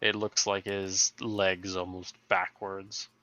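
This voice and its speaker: A man narrating as game master in a tabletop game, setting scenes slowly and descriptively. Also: low-pitched, level tone, sharp tone, dry recording.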